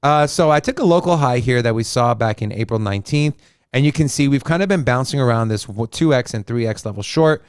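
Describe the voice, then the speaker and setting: Male host, mid pitch, easygoing chart talk with banter, dry close mic. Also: expressive, a little fast, clean tone, no room sound. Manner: loose and joking, repeats himself. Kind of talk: casual crypto chart talk.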